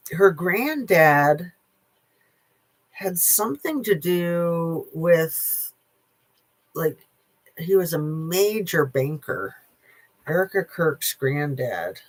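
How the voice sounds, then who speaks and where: A channel host giving casual opinion commentary, sarcastic and blunt, rambling with filler pauses and casual swearing. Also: medium pitch, expressive.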